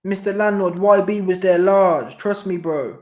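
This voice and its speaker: A man's voice: sits high, unhurried, a little mellow. A man hosting a casual live stream, reading out viewer messages in slangy, repetitive, laid-back banter. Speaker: boxing commentary channel host. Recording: roomy echo.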